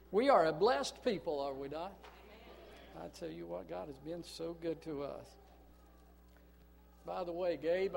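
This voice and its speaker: A man's voice: fairly high pitch, vocal fry, a little mellow. A man preaching a sermon in church, emphatic and storytelling, drawing the congregation into call-and-response. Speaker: pastor.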